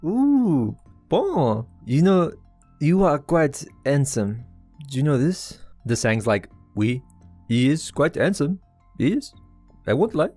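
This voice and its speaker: A man voicing a brash male French criminal with a deliberately bad put-on French accent and broken, hesitant English. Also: on the high side, sing-song, mellow, breathy edge, dry recording, faint music behind, pitched above the performer's own voice, full character voice. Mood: flattering. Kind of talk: tabletop role-play voice.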